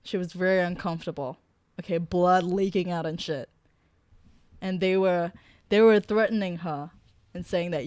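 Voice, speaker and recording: A woman's voice: on the low side, fairly even intonation, normal speed, darkish tone, dry recording, clean studio sound. A woman from Malaysia, a photographer and podcast guest, telling stories candidly and laughing often. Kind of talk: casual chat.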